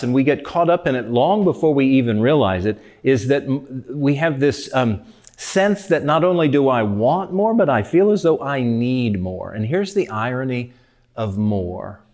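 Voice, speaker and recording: In a conversational, reflective motivational talk, a man frequently poses rhetorical questions to his audience. His voice is medium-pitched and slightly mellow.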